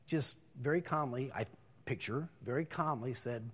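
A middle-aged male pastor preaching a sermon, moving between loud emphasis and hushed calm. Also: medium pitch, a little slow, husky.

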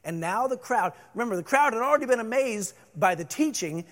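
A middle-aged male pastor preaching a sermon, moving between loud emphasis and hushed calm. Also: very high voice, fairly quick.

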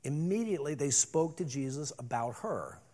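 A middle-aged male pastor preaching a sermon, moving between loud emphasis and hushed calm. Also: fairly high pitch, moderate pace.

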